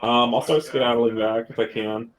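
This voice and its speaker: A man's voice: medium pitch, steady tone, moderate pace, poor audio. A man playing a tabletop game, talking in a casual, joking way and swearing now and then. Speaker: player.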